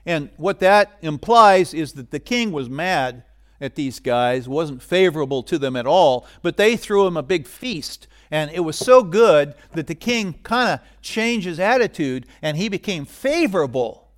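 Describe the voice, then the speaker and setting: A middle-aged man preaching a sermon as pastor, animated and getting loud for emphasis. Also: a little high, unhurried.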